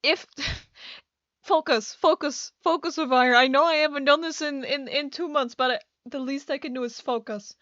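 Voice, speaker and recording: A woman's voice: high-pitched, normal speed, a bit bright, no echo, highs cut off. A young woman rambling through casual gameplay commentary, scatterbrained and self-mocking, with a headache. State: has a headache. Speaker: gaming YouTuber.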